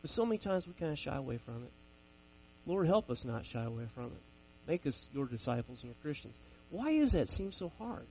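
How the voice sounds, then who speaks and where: A man's voice: a little high, sing-song, brisk, mellow, a little hiss or hum, rough recording. Self-mocking preacher man telling stories. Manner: conversational, self-deprecating storytelling. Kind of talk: sermon with personal stories.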